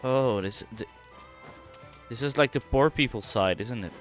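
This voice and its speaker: Soft music plays behind a medium-pitched man streaming a game. Exploring as he goes, he comments casually, thinking out loud, reacting quickly, and reading dialogue.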